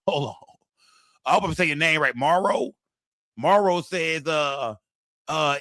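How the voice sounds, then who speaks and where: Rowdy, bright-voiced man hosting a livestream. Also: on the high side, normal speed, no room sound, studio quality. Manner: loud, rowdy, addresses chat directly. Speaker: livestream host. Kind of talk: profane live-stream commentary.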